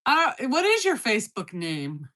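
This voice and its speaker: A woman's voice: on the high side, huge pitch swings, measured pace, pushed and bright. A woman hosting a casual cooking livestream from her kitchen, reading out viewer comments and answering them in a blunt, teasing, playful way. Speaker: livestream host.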